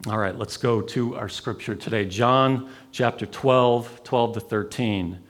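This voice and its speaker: A man preaching a sermon, telling the story with dramatic swings between raised intensity and near-whispered pauses. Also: medium pitch. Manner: dramatic, swings from loud to hushed. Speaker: pastor.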